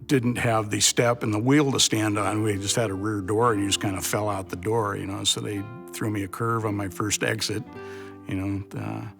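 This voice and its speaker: A man's voice: on the low side, steady tone, moderate pace, creaky, music in the background. A man recalling a story in a casual, laid-back way for a documentary interview.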